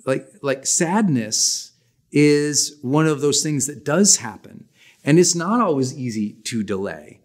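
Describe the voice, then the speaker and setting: Man, forties, motivational coach, emphatic and conversational, slightly high voice. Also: lively intonation, takes it slowly. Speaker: personal development coach. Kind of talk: motivational class talk.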